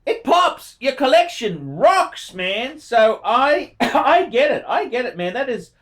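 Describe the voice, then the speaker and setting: A man's voice: very high voice, big pitch swings, slow pace, fairly bright tone. A man in his forties hosting a watch channel, reviewing a viewer's collection in a casual, profane and emphatic monologue, repeating phrases for emphasis. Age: 40s. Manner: effusive, enthusiastic.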